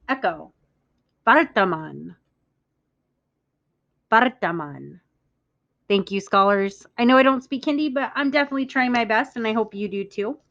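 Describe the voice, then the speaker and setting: Woman teacher w/ a slightly high voice running a vocab lesson, careful clear speech, kinda muffled recording. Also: a bit bright. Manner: clear, deliberate teacher talk with stressed words for echoing. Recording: muffled lo-fi audio.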